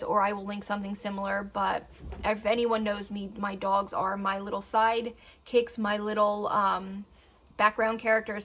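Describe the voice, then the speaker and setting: A woman's voice: medium pitch, sharp tone. A woman in her thirties chatting casually to camera in a home vlog, rambling between topics and breaking off to talk to her dogs. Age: 30s. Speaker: beauty vlogger. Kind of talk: casual chat.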